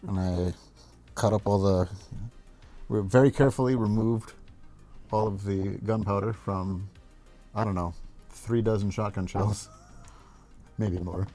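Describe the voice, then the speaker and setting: A man's voice: lowish voice, steady tone, slow pace, pauses often, mellow, faint music behind. A man in his thirties hosting a livestream, telling family stories in a laid-back way with frequent chuckles. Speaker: livestream host. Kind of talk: casual storytelling on a livestream.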